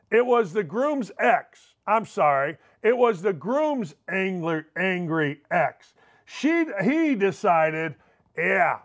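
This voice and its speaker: A man with a fairly high voice runs a loose, jokey talk-show monologue. He jumps from loud, animated outbursts to low, muttered asides as he riffs. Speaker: sports talk show host. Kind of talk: casual monologue.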